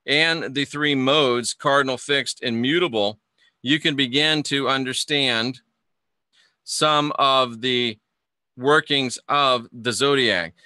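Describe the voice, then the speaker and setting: A man's voice: medium pitch, slow, sharp tone, no room sound, clean studio sound. A man hosting a casual livestream lesson, chatting with viewers and stumbling over his words. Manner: chatty, reads viewer comments aloud, stumbles and restarts. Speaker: livestream host teaching astrology.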